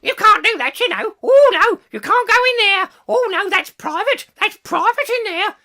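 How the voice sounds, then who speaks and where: A man voicing a toothless, fussy old man from an old comedy film, with a shrill, grumbling manner. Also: lively intonation, moderate pace, sharp tone, exaggerated voice. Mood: grumbling bossy.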